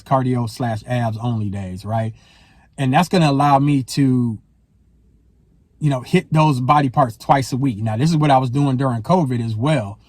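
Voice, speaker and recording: A man in his forties chats casually to his viewers in a loose, rambling way. He fills his talk with "you know" and "man" and laughs easily. The recording is close and dry, with an average-pitched voice. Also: darkish tone, no room sound. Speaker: fitness vlogger. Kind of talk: casual vlog chat.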